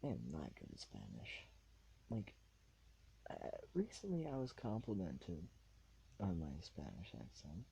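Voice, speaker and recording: A man's voice: low voice, wildly swooping pitch, measured pace, creaky, pauses often, mellow, breathy edge, low-quality recording. A man hosting a solo podcast, talking in a rambling, laid-back way full of fillers, recorded on a tablet. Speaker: podcast host.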